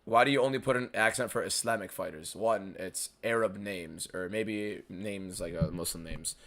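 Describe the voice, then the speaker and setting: A man's voice: lowish voice, normal speed, a bit bright. An American man hosting a fight watchalong stream, answering viewer questions in blunt, casual chat with a fair bit of swearing. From United States.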